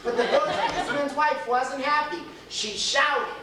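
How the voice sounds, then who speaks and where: Playful woman telling a story, high lively voice, echoey room far from mic. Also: moderate pace, some chatter behind, slight background noise. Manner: playful, laughing often.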